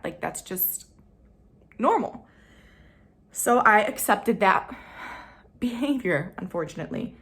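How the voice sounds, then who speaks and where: A young woman vlogger telling a personal story to camera, candid and slangy, swinging between loud emphasis and hushed asides. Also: fairly low pitch. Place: home room.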